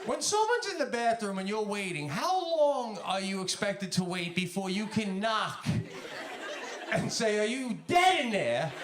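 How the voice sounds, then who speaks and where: Animated high-voiced male stand-up comic. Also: unhurried, a crowd in the background. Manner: animated, acts out the people he quotes. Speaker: stand-up comedian. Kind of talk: stand-up comedy routine. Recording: roomy sound under loud game noise.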